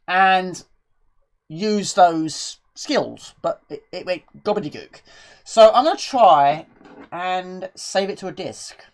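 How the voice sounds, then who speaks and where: Breathless chatty woman streamer. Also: mid-range voice. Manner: chatty, rambling, reads chat questions aloud. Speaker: live streamer. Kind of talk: casual gameplay commentary.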